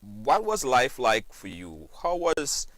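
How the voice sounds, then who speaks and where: Animated man hosting a live show. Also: mid-range voice, takes it slowly, no echo. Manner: animated, repeats phrases, bursts into sung shout-outs. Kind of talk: lively live-stream chat.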